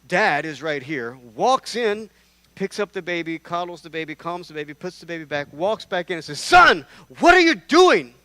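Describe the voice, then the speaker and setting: Lively storytelling male preacher. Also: a little high, normal speed, no room sound. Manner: animated storytelling, acting out characters with big swings in loudness; self-deprecating, conversational asides. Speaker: guest preacher. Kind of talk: sermon. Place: church sanctuary.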